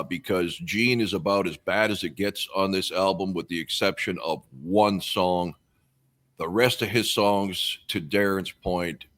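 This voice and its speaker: Deep-voiced blunt sarcastic man. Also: fairly bright tone. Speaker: podcast host. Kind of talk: casual album ranking chat.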